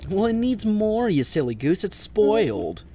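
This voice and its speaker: A woman's voice: medium pitch, big pitch swings, measured pace, slight background noise. A woman hosting a gaming video, joking casually with a friend as they play. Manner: joking, goofy, laughs loudly. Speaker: gaming channel host. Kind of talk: casual co-op gameplay chat.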